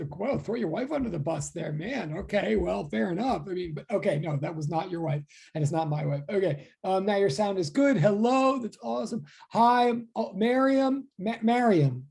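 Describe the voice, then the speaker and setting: A man's voice: high voice, gravelly, a little mellow. A man teaching a physics class over a video call, chatty and self-deprecating, rambling as he greets his students. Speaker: physics instructor. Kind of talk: casual online class.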